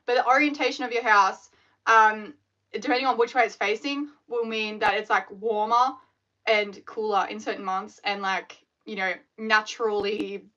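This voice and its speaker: Woman, animated chatty live-streamer, bright tone, muffled lo-fi audio. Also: medium pitch, moderate pace. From Australia. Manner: chatty and animated, filler-heavy storytelling. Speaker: scrunchie maker hosting a live stream. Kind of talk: casual live-stream chat.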